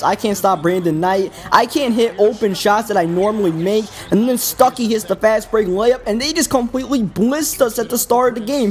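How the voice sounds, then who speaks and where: Hosting a gaming video, this high-voiced man gives loose, rambling play-by-play, sounding exasperated and quick to criticize himself.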